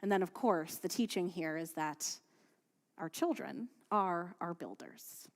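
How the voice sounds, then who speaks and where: A woman rabbi leading prayers and giving a sermon, reading at a steady, measured pace and telling stories in a chatty, lively way with fillers. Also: fairly low pitch. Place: synagogue sanctuary. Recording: long hall reverb from a livestreamed service.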